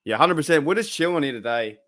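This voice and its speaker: A young Australian man hosts a laid-back livestream, rambling and reading viewers' chat messages aloud. His voice sits on the high side and sounds a bit bright, and he talks fast and animatedly.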